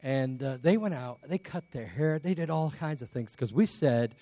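A man's voice: medium pitch, animated, normal speed, few pauses, dark tone, no echo. A man from England preaching a sermon as a pastor, telling a story with many restarts and building up to emphatic calls to persevere.

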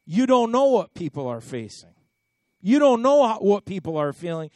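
A man's voice: sits high, sing-song, moderate pace, darkish tone, no echo. A man preaching a sermon in a conversational storytelling way, often repeating words and swelling into emphatic bursts. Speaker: pastor.

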